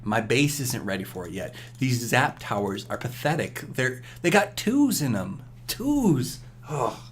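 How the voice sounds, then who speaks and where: A man's voice: medium pitch, fairly bright tone, slight background noise. A man giving casual gameplay commentary, rambling and scolding himself aloud with chuckles.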